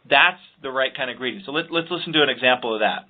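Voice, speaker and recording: A man's voice: medium pitch, fast talker, a little hiss or hum. Earnest man coaching phone skills, tinny audio. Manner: earnest, emphatic, repeats words when starting a point. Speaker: sales trainer. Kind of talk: podcast instruction on phone skills.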